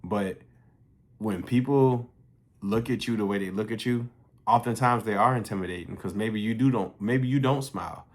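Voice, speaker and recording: Speaking at a normal speed in a voice on the low side, a fitness coach addresses his vlog audience. He's blunt, profane and conversational, cursing freely while recounting a story.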